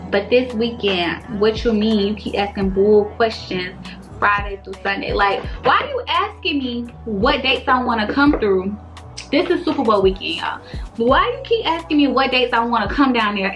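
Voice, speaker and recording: A young woman with a fairly high voice tells a casual storytime, slangy and fired up. She keeps firing off exasperated rhetorical questions. Soft music plays quietly behind her. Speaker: vlogger telling a dating story.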